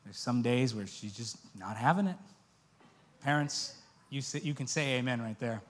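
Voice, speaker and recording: A young adult man preaching a sermon, shifting from soft, hushed storytelling to loud, emphatic preaching. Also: mid-range voice, normal speed, slight background noise.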